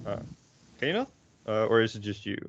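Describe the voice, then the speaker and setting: A man's voice: on the low side, big pitch swings, brisk, a little hiss or hum. Young man teaching over a muffled call. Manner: wry, hesitant, many ums and uhs. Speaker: language teacher. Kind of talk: online class explanation. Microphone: video call. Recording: slightly muffled call audio.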